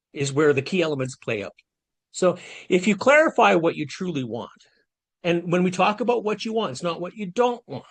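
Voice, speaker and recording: A man in his late fifties with a fairly high voice gives a motivational masterclass over a video call. He sounds earnest and conversational, talking straight to the people watching. The call audio carries his voice plainly. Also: a bit bright. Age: 50s. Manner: earnest, conversational, addresses the audience directly. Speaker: guest speaker giving a masterclass. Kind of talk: motivational talk.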